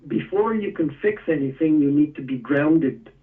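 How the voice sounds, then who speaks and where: A man's voice: on the high side, animated, normal speed, distant mic, narrow, tinny audio. A man being interviewed, explaining step by step with a few chuckles. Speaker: guest, energy tool maker. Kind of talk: casual interview.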